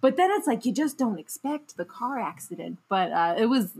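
A woman's voice: fairly high pitch, lively intonation, moderate pace, creaky, heavy background noise. A woman from New York State, co-hosting a casual podcast chat and telling stories with plenty of fillers. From New York State, USA. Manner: chatty, storytelling, lots of fillers. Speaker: podcast co-host.

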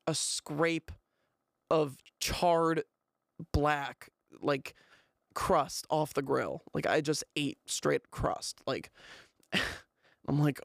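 A young man hosting a podcast, telling a rambling, animated story in a casual way. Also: fairly high pitch, no echo, clean studio sound. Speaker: podcast host.

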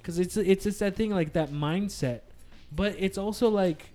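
A man in casual gaming chat, animated and swearing freely as he tells stories from his streams. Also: sits high, normal speed. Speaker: podcast co-host, streamer.

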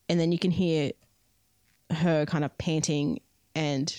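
A woman's voice: low-pitched, steady tone, takes it slowly, long pauses, darkish tone, no room sound, studio quality. A woman co-hosting a podcast, recounting a story in casual chat full of fillers. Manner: chatty, many fillers, recounting events. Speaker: podcast co-host. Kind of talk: casual true-crime storytelling.

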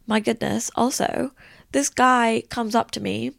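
A young woman chats away as a podcast host, spilling stories in a loose, rambling flow. Her voice crackles with heavy vocal fry throughout. The recording is dry, with no room sound around her. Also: on the high side, steady tone, measured pace, a bit bright, no echo. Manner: chatty, rambling, heavy use of "like". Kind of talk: casual storytelling chat.

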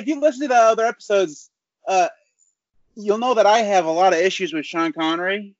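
Brief: male podcast co-host, higher voice, wry and stammering, dry dull recording. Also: brisk, dry recording. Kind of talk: casual chat.

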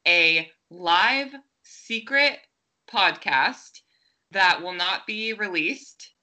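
A woman's voice: fairly low pitch, very slow, bright, forceful tone. A woman in her thirties, a podcast co-host, chatting casually and laughing often. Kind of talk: casual chat.

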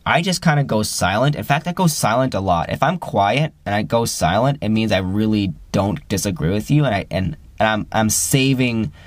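A young man casually telling a personal story, rambling with many fillers and restarts, and lifting his voice to act out the friends he quotes. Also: no room sound. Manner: acts out quoted friends with rising pitch.

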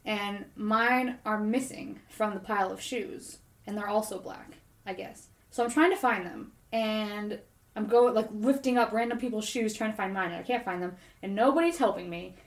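A woman co-hosting a podcast tells a long, animated story in casual chat, rambling and saying "like" constantly. Her mid-range voice moves at a moderate pace, and the recording sounds roomy and echoey.

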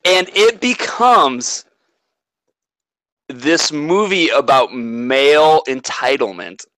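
A man's voice: mid-range voice, expressive, takes it slowly, fairly bright tone, dry recording, poor audio. A man in casual chat, animatedly retelling a movie plot and swearing freely.

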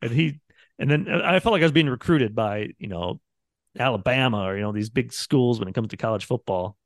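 A man's voice: mid-range voice, a little fast, no room sound, studio quality. A man, a radio producer chatting casually on a podcast and acting out quotes from the people in his stories. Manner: rambling storyteller, acts out quotes.

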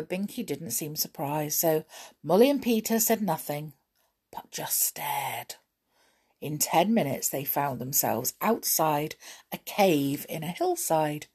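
A woman reading a children's storybook aloud in an expressive, measured storytelling manner. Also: deep voice, slightly rough.

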